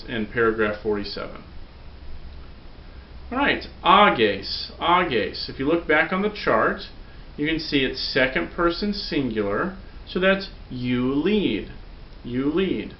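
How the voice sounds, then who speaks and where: A man's voice: big pitch swings, unhurried. A man teaching a recorded Greek lesson, patiently drilling the forms aloud for students to repeat. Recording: roomy, dull lo-fi recording with faint rumble.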